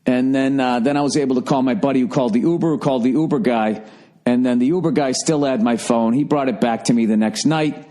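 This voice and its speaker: A man's voice: mid-range voice, quick pace, warm tone. A middle-aged man telling a story in a casual podcast monologue, profane and exasperated, ranting as he goes. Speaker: podcast host.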